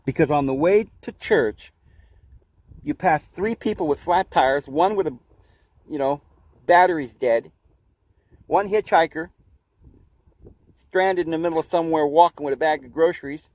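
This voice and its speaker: A man hosting a podcast, giving an earnest, preachy spiritual talk, often halting and repeating words. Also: on the high side, a little mellow, dry recording. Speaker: podcast host. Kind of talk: spiritual teaching monologue.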